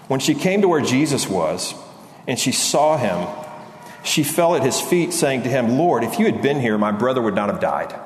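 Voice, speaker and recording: A man's voice: big pitch swings, moderate pace. Earnest male preacher in an echoey hall. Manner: earnest, rises and speeds up with fervor, drops low on key lines. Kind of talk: sermon. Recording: echoey hall, faint background noise.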